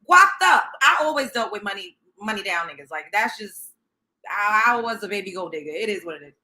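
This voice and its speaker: In a mid-range voice with lively intonation, she talks briskly and sharply. The speaker is a young Brooklyn host offering storytelling commentary in a blunt, profane, sassy style.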